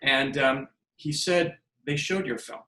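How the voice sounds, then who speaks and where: Speaking at a slow pace in a medium pitch, a podcast guest in his fifties tells stories casually, animatedly acting out the lines he quotes. The sound is roomy and the recording rough.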